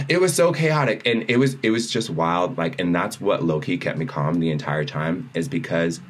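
A podcast co-host with a low voice speaks at normal speed, with slight background noise. In casual chat he tells a story animatedly, acting out the lines of the people in it.

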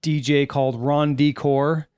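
A man's voice: fairly high pitch, level tone, measured pace, a little mellow, clean tone, dry recording. A man co-hosting a podcast in casual chat, dry and teasing. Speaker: podcast co-host.

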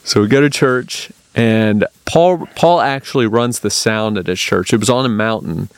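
A man, a podcast guest, telling a long personal story in a casual, animated way, often repeating his words. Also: on the low side, normal speed, clear, resonant tone, dry recording.

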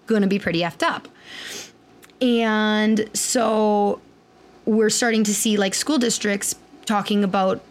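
A woman hosting a podcast, talking candidly in a rambling, casual monologue full of fillers and the odd swear word. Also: medium pitch. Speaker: podcast host and clinician.

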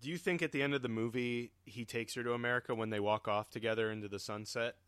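A man chatting casually about a film, chatty and quick to laugh. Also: medium pitch, steady tone, fairly bright tone, clear, resonant tone, no room sound.

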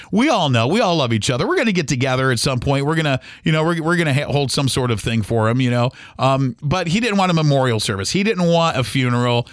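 Rambling man with a slightly high voice. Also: animated, quick pace, few pauses, no echo, clean studio sound. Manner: rambling, with many restarts and "you know". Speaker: podcast host. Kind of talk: casual personal monologue.

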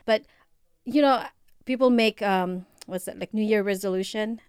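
A woman's voice: medium pitch, normal speed, a little mellow, clean tone, no room sound, studio quality. A woman in her forties, originally from the Philippines, chatting casually as a podcast guest and laughing often. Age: 40s. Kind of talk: casual chat.

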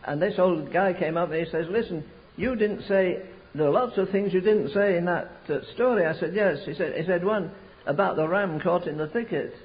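A man's voice: high-pitched, normal speed. An older man from America preaching a sermon, telling stories and building to fervent emphasis. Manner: storytelling, rising to fervent emphasis. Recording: dull lo-fi sound.

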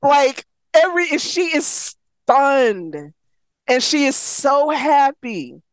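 Animated woman retelling a story, dry mic. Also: high voice, slow, no echo. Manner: animated storyteller, acts out characters' lines, swears freely. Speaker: podcast co-host recapping a story. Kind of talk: casual chat, retelling a book with acted quotes.

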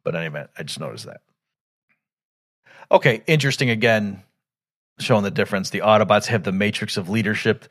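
Rambling low-voiced man recapping a film. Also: lively intonation, fairly quick, long pauses. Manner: rambling, thinks aloud with many restarts; acts out quoted lines with sudden loud jumps. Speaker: podcast host. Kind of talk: casual film commentary.

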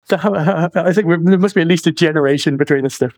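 A man's voice: on the high side, a little fast, a little mellow, dry recording. A man in his forties, a financial planner speaking as a podcast guest, talking emphatically and reaching for colorful analogies. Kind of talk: podcast interview.

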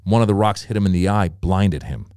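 A man's voice: sits low, a little fast, mellow, clean tone, no echo, studio quality. A man telling a comic story from his career in casual podcast talk, acting out the people in it. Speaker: comedian guest.

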